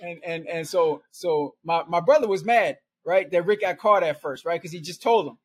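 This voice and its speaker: This podcast guest, a middle-aged man, wanders through a lengthy story in relaxed conversation, often laughing and ending lines with "right?" or "man." He speaks at a moderate pace in a slightly rough, somewhat high voice.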